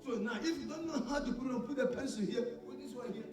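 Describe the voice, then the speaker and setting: A male preacher delivering a sermon, shouting and calling out for responses from his congregation. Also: very high-pitched, fast talker. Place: church hall. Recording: echoey church hall, mic far off, faint music.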